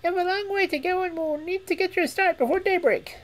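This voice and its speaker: A woman voicing a timid, eager male rat in a read-aloud fairy tale, speaking in a trembling, high voice. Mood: helpful. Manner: trembling, quick, high-pitched.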